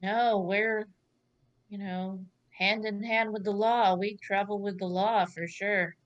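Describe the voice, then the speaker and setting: A woman playing a tabletop game who speaks slowly and politely in character. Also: medium pitch, steady tone, highs cut off. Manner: slow, polite, says ma'am. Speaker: player.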